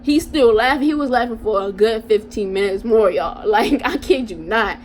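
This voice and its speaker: A young woman vlogger telling a casual storytime in an animated, slangy way, talking straight to her viewers. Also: fairly high pitch, normal speed, a little hiss or hum.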